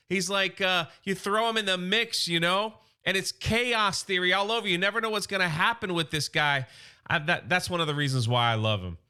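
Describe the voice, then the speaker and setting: Bright, high-pitched enthusiastic man. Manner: enthusiastic fan, loose and chatty with restarts. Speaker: comic book YouTuber. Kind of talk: casual comic recap narration.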